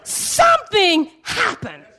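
A woman preaching with a very high, bright voice that rises and falls across a wide span. She lingers over slow, repeated phrases and breaks into fervent cries. Her delivery is a full sermon, never conversational. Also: wildly swooping pitch. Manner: impassioned, swinging from low murmurs to shouted cries; drawn-out, rhythmic phrasing with repetitions.

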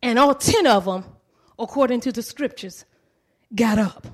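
A woman preaching a sermon with impassioned, rhythmic, repetitive phrasing. She swings from low murmurs to shouted cries. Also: measured pace.

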